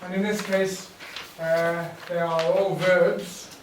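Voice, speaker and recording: A man leading a teacher workshop, explaining teaching ideas in a relaxed way with fillers and restarts. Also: sits high, takes it slowly, background noise. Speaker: workshop trainer. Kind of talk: teacher training talk. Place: workshop room. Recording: echoey room, distant mic.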